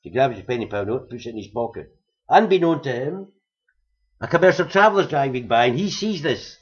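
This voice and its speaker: A man telling long jokes, building them slowly with repeated phrases, on a dull recording. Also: medium pitch, lively intonation. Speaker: comedian. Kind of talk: stand-up joke telling.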